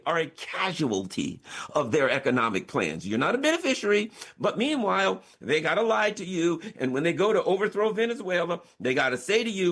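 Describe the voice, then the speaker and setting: A man's voice: sits high, a bit bright. A middle-aged American man giving opinionated radio commentary, emphatic and sarcastic, full of rhetorical questions. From United States. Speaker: political commentator.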